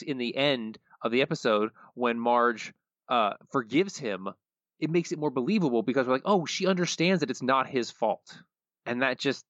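A man's voice: mid-range voice, a bit bright, no room sound, highs cut off. A man co-hosting a podcast, laying out how a TV episode should have been written in a methodical, casual way. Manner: methodical, prescriptive critique. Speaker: podcast co-host.

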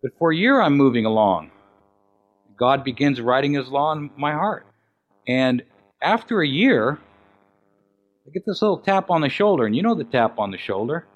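A man preaching a sermon and telling his own story, swinging between loud emphatic questions and hushed, quiet quoted lines. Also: mid-range voice, big pitch swings, normal speed, long pauses, muffled recording. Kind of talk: sermon with personal testimony.

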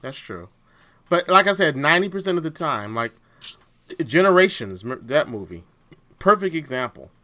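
A man co-hosting a podcast in casual chat, animated and laughing often, restarting his sentences as he goes. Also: on the high side, normal speed, long pauses. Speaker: podcast co-host.

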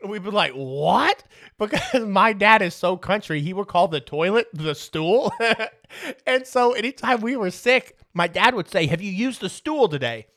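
A man's voice: high-pitched, moderate pace, fairly bright tone, no room sound, studio quality. A man in his thirties hosting a podcast, telling casual stories, swearing freely and laughing through them. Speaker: podcast host. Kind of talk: casual storytelling.

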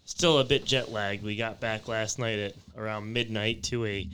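A man's voice: fairly low pitch, steady tone, normal speed, pushed and bright, slight background noise. A man hosting a podcast, telling travel stories in casual chat with frequent laughs. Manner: laughing, rambling storyteller. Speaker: podcast host.

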